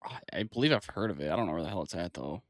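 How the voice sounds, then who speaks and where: A man's voice: sits low, animated, rapid-fire, no room sound, clean studio sound. Laid-back, profane podcast co-host, man. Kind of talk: casual chat.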